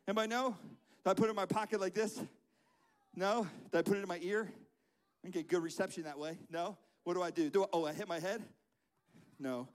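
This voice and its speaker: A man with a strikingly high-pitched voice preaches to children in a church sanctuary. He keeps it playful and jokey, pausing for call-and-response lines the room shouts back. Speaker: children's pastor. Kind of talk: lively children's church sermon.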